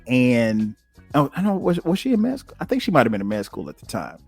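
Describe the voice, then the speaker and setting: A middle-aged man from South Carolina hosting a podcast, telling casual stories and jumping to a high voice when he quotes himself. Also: quick pace, gravelly, breathy edge, soft background music. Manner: animated, jumps to a high voice when quoting himself. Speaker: podcast host. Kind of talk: casual storytelling monologue.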